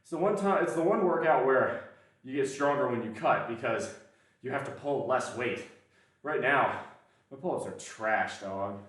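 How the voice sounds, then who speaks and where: A man narrates his own gym session in casual, profane banter, counting reps and grunting through each set. His voice sits well back from the mic in a heavily echoing gym. The talk is loose, joking and breathy from effort. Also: medium pitch, lively intonation, normal speed. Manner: counting reps out loud, swearing and grunting between sets. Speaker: fitness vlogger. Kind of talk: casual workout commentary. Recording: very echoey, from far off the mic.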